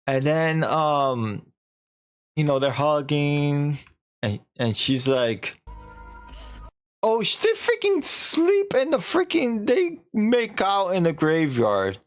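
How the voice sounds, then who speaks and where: A man's voice: fairly high pitch, slow, soft background music. A man streaming, casually retelling a story in a rambling way and acting out the quotes. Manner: rambling, animated retelling full of acted-out quotes.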